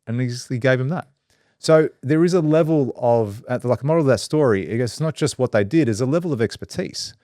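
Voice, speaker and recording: Aussie bloke hosting a podcast, swears a lot, acts out the quotes, dry close sound. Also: male voice, mid-range voice, fast, no room sound. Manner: animated storyteller, swears freely, acts out quotes. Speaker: podcast host. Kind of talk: casual chat.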